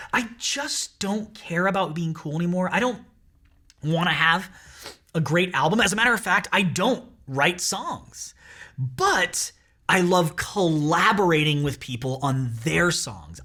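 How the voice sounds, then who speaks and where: A man in his forties with a bright, forceful voice, telling a personal story in a casual, meandering way. He doubles back often, with plenty of fillers and quick restarts. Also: high-pitched. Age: 40s. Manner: candid and rambling, with many fillers and restarts. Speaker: worship pastor and podcast host.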